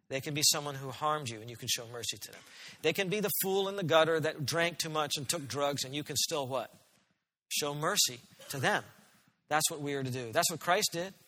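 A man's voice: a little high, bright, forceful tone, in a large hall. A man preaching a sermon as pastor, earnest and emphatic, often asking his listeners questions.

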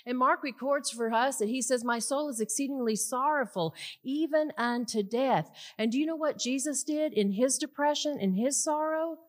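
A woman teaching scripture to a women's audience, emphatic, asking rhetorical questions and pausing for effect. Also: high voice. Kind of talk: sermon.

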